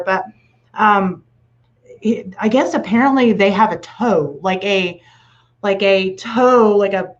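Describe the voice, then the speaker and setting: A woman's voice: mid-range voice, muffled recording. A middle-aged woman from Tennessee hosting a podcast, telling stories in a loose, rambling way with many fillers. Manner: rambling, filler-heavy storytelling. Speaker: podcast host. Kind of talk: casual podcast chat.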